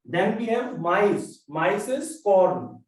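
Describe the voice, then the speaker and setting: A man teaching a French class, explaining slowly and repeating each example word. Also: high-pitched, very animated. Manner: slow, repetitive explaining with drawn-out example words. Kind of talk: classroom lesson. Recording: echoey classroom, far from mic.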